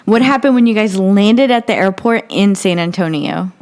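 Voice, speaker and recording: A woman's voice: mid-range voice, animated, moderate pace, darkish tone. Casual woman host asking questions. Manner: casual, asks short direct questions. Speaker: podcast host. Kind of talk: casual interview chat.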